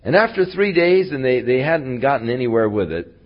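Lively husky male Bible teacher. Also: medium pitch, a little fast. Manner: lively, conversational retelling with dry asides. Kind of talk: storytelling Bible study. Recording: dull lo-fi recording.

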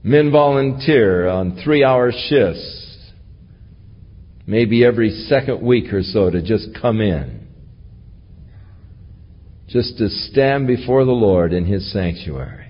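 A man's voice: lowish voice, expressive, slow, long pauses, slightly rough, in a large hall, dull audio. A man preaching an expository sermon, reading scripture aloud and then explaining it verse by verse. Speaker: pastor.

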